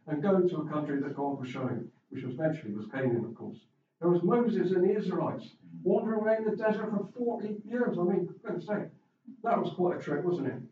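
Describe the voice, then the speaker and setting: A man's voice: fairly high pitch, lo-fi sound, slight background noise. Male preacher in an echoey, distant room. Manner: chatty, asks the congregation questions, light asides. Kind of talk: conversational sermon.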